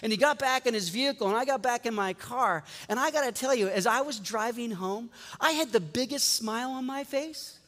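A man's voice: very high-pitched, a little fast, few pauses, fairly bright tone. A man preaching a sermon as a pastor, telling a story in a conversational way and acting out the dialogue. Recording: long reverb from a large hall.

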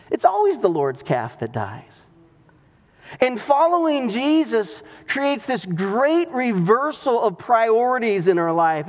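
A male pastor preaching a sermon with earnest storytelling and drawn-out emphasis on key words. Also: high voice. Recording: dull recording with long hall reverb.

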